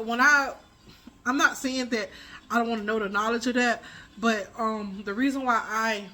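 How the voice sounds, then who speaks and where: A woman's voice: fairly high pitch, bright, forceful tone, a little hiss or hum. A woman giving casual spiritual commentary as a tarot reader, rambling and emphatic with many fillers and restarts.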